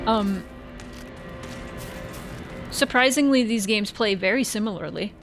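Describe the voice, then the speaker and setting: A woman streamer chatting casually during a horror game, telling rambling, animated stories and yelping at scares. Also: mid-range voice, a little slow, long pauses, music in the background. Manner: rambling, animated storytelling with sudden yelps. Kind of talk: casual live-stream chat.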